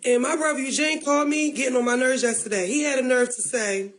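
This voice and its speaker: A woman's voice: high voice, steady tone, quick pace, low-quality recording. A woman talking on a livestream, close to tears, pleading and repeating herself. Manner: pleading, repetitive. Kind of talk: emotional livestream talk.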